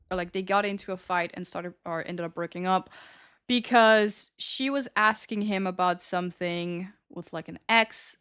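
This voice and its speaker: A woman's voice: mid-range voice, fairly bright tone, clear, resonant tone. A young adult woman streams and tells her chat a story in a loose, casual way. She giggles often and keeps up a chatty, confiding flow.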